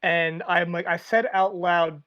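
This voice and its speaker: Young man, high voice, animated storyteller, dull lo-fi audio. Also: unhurried. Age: young adult. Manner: animated, swears a lot. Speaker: podcast host. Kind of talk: casual storytelling chat.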